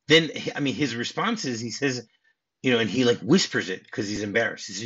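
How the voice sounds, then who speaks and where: A man's voice: mid-range voice, fairly quick, fairly bright tone, slightly rough. A man hosting a podcast, discussing a film in a casual way, chuckling often and restarting his sentences. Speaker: podcast host. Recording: dull lo-fi audio.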